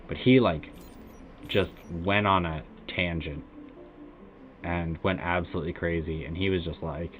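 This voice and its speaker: This game streamer, an American man with a low-sitting voice, talks at a moderate pace through a wandering, easygoing story stuffed with "like" and "uh." Slight background noise, faint music and a thin, phone-like sound color the clip.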